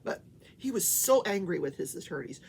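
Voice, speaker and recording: Older woman host, lively gravelly voice. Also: lowish voice, normal speed, slight background noise. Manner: chatty, rambling, breaks off to coo at her pets. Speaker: talk show host. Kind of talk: casual chat.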